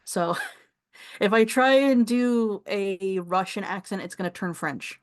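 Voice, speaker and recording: A woman's voice: mid-range voice, slow pace. A woman narrating as game master of a tabletop game in a casual, chatty way. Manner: casual, chatty, laughs between descriptions.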